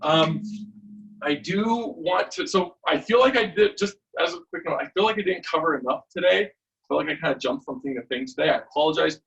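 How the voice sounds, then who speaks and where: A man teaching a live-streamed martial arts class, talking in a chatty, animated storytelling way with lots of fillers. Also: fairly high pitch, a little fast, gravelly, far from the mic, dull audio.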